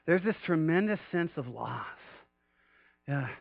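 A male pastor preaches with animated swells, his voice pushing higher and louder to stress a point. His voice sits a little high for a man. The recording is dry and a bit dull, with no room echo. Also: measured pace, gravelly. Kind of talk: sermon.

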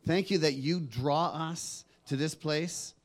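Man, slightly high voice, leads an earnest congregational prayer in a church. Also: takes it slowly. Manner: earnest, flowing prayer cadence. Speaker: worship leader. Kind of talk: spoken prayer. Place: church sanctuary.

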